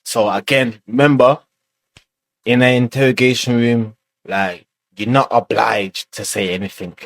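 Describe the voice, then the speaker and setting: A man's voice: medium pitch, fairly even intonation, measured pace, dry recording. A man giving casual commentary as a reaction video host, loose and rambling, full of fillers and swearing.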